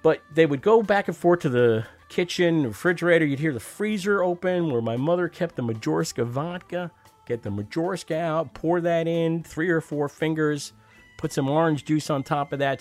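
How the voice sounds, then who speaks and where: A man telling a wry, profane story about his childhood, now and then acting out the voices of the people in it. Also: fairly high pitch. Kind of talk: personal storytelling monologue.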